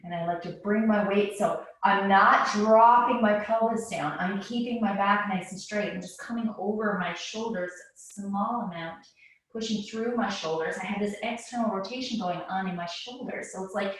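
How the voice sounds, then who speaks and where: A woman leading a yoga class, calmly cueing breaths and movements, a little out of breath. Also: medium pitch, moderate pace, heavy reverb, far from the mic, low-quality recording. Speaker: yoga instructor. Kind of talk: guided yoga class instruction.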